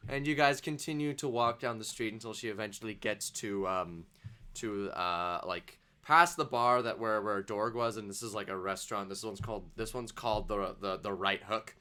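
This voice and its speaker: A man's voice: lowish voice, normal speed, sharp tone. A man narrating a tabletop game as game master, rambling with many ums and restarts.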